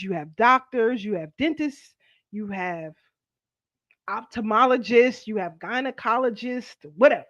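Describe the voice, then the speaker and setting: A woman hosting a casual commentary show, reading viewer comments and speaking in an animated, preachy way. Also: high-pitched, dry recording. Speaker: host. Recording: dry, dull lo-fi sound.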